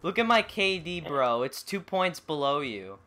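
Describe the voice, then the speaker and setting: A man's voice: a little high, very animated, measured pace, sharp tone. A teenage boy hosting a gaming video, exclaiming and complaining as he plays with a friend. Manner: exclaiming, complaining about lag. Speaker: gaming channel host. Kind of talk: casual gaming banter. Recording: faint noise with clicks.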